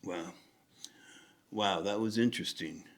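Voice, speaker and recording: A man's voice: on the low side, unhurried. An American man hosting a reaction video, musing casually and rambling as he thinks aloud, often restarting his sentences. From United States.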